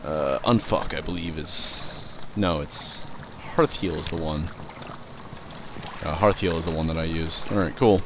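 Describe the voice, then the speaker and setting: A young man casually commentating his own gameplay, rambling, swearing and reacting loudly to what happens in the game. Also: a bass voice, unhurried, background noise. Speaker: let's play host.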